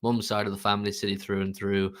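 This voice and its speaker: A man with an Irish accent co-hosting a football fan show, bantering and teasing while giving shout-outs to viewers. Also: lowish voice, flat delivery, fast. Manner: jokey, teasing, reads out viewer messages.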